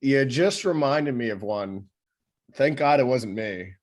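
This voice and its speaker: A man, a physical therapist co-hosting a podcast, telling a story in a relaxed, chatty way. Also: mid-range voice, measured pace. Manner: relaxed, chatty, checks in with "right?". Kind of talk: casual podcast chat.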